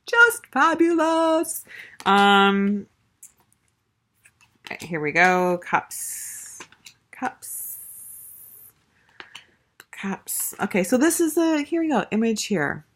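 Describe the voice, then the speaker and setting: A woman's voice: mid-range voice, animated, extremely slow, pauses often, a bit bright. A woman casually reviewing a tarot deck, gushing and chatty, with lots of fillers and restarts. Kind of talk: casual show-and-tell review.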